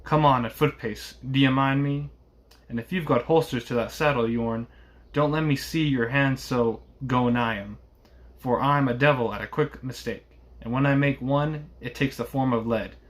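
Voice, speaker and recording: A man voicing a wary, armed coach guard who roars warnings in a gruff voice. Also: medium pitch, normal speed, natural voice. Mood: gruff threats. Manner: loud, gruff, threatening.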